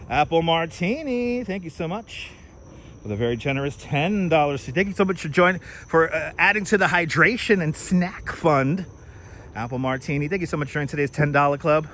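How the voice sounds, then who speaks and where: A chatty man with a slightly high voice hosts a live stream as he walks outdoors through city streets and a park. He reads out and thanks viewers' comments in a relaxed, easygoing way. He speaks into a clip-on mic, with faint traffic behind him. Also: normal speed. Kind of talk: casual live-stream walking tour chat. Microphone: wireless clip-on mic.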